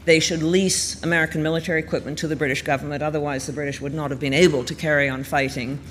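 A man giving a thoughtful, conversational talk on history, explaining events in a measured, storytelling way. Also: on the high side, fairly even intonation, fairly bright tone. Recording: reverberant room with faint background noise.

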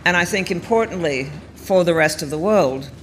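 Male speaker with a slightly raised pitch for thoughtful history commentary, recorded with a lingering room echo. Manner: thoughtful, measured, conversational storytelling. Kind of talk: explanatory history talk. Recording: reverberant room with faint background noise.

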